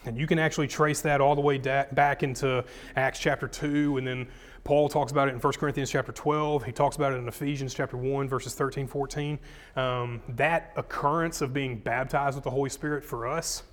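A pastor teaches through a sermon in a relaxed, conversational way. He talks with the people in front of him and reads scripture passages with rising emphasis. His voice sits at a middling pitch for a man. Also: a little fast.

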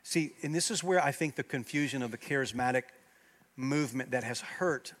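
A man preaching a sermon as pastor, swinging from loud emphatic peaks to quiet, earnest low passages. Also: brisk. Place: church sanctuary.

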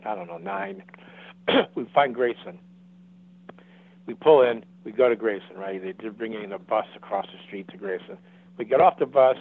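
A man's voice: lowish voice, no room sound. Man, 70s, rambling storyteller, restarts often, phone-like audio, dry sound. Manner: rambling, repeats and restarts, acts out quotes. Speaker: guest. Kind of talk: casual storytelling. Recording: dry tinny phone-like line.

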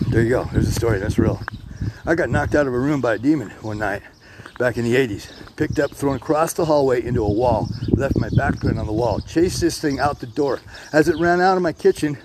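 A middle-aged man telling stories in casual, profane, animated speech as a podcast host. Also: medium pitch, slight background noise. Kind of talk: casual storytelling. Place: outdoors on a hilltop.

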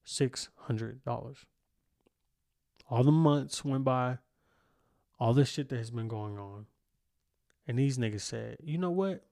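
Speaking slowly with frequent pauses, a young man signs off his solo podcast in a mid-range, creaky, slightly mellow voice with fairly even intonation. He swears a lot, wanders off topic and laughs at himself, recorded on a studio microphone in his home studio.

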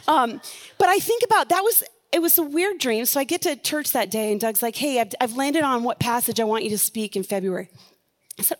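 High-voiced woman pastor preaching earnestly. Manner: personal storytelling, earnest and urgent. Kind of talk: sermon.

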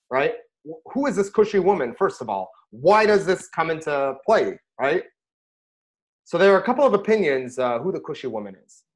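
A middle-aged man, a rabbi, chatting casually about scripture and telling stories with lively bursts when he quotes himself. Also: medium pitch. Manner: animated storyteller, rises sharply when quoting himself. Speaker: rabbi and podcast host. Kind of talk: casual Torah discussion and storytelling.

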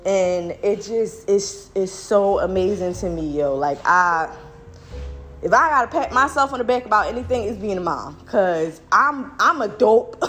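A young adult woman, a mother, ranting casually to her viewers in an animated, slangy way, with lots of restarts. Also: mid-range voice. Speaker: mom vlogger.

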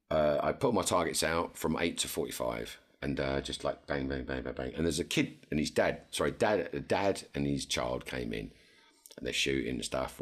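A very deep-voiced man tells a rambling story on a casual podcast. He is animated and jumps sharply higher whenever he quotes someone. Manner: animated, jumps to high pitch when quoting others. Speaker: podcast co-host.

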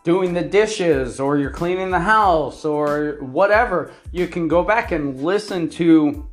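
An online English teacher talks to learners at an unhurried, deliberate pace, going through a numbered list of points. The speaker keeps asking "right?" and sounds keen, with soft music faintly under the voice. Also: mid-range voice. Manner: enthusiastic, repeats "right?" and lists points by number. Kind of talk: talking-head advice to learners.

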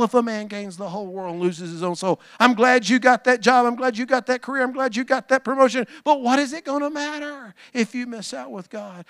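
A man preaching a sermon, folksy and talking to the congregation, swinging from low asides to shouted calls. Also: a little fast, few pauses, clear, resonant tone, no echo, studio quality. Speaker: pastor.

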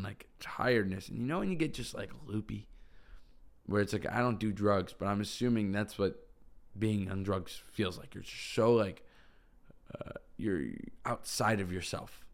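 A man's voice: on the low side, measured pace, vocal fry. A young man telling a personal story to camera in a casual, rambling way, full of "like". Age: young adult. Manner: rambling, heavy use of "like". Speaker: vlogger.

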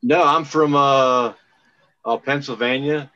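A man from Maryland in casual podcast chat, rambling and halting with frequent restarts. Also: medium pitch, fairly even intonation, sharp tone. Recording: muffled lo-fi sound.

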